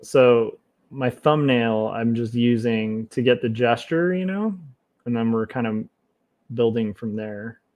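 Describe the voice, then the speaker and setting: A man streaming while he draws comics, chatting casually and thinking aloud in a relaxed, self-mocking way. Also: mid-range voice, measured pace. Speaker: comic artist streaming his work. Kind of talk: casual livestream commentary while drawing.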